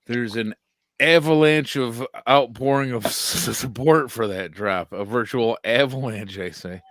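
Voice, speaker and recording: A man's voice: medium pitch, a little slow, a bit bright, dry recording. A man co-hosting a casual sports podcast, joking crudely as he reads out picks and fight results. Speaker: podcast co-host.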